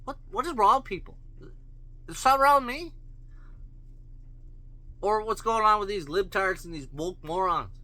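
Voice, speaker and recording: A man's voice: high voice, normal speed, pauses often, pushed and bright. A man, ranting angrily and bluntly, with plenty of swearing, in a solo video. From Canada. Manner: angry, blunt, profane ranting. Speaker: vlogger. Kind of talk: solo rant to camera.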